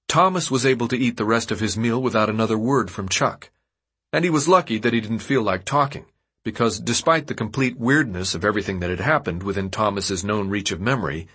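Husky, expressive male audiobook narrator. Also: lowish voice, brisk. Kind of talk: scripted narration.

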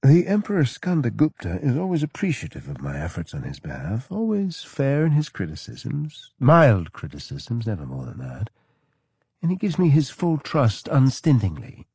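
A man's voice: medium pitch, wildly swooping pitch, moderate pace, creaky, a little mellow, breathy edge, no echo, studio quality, pitched above the performer's own voice, exaggerated voice. A man voicing a cold scheming lord. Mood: cool.

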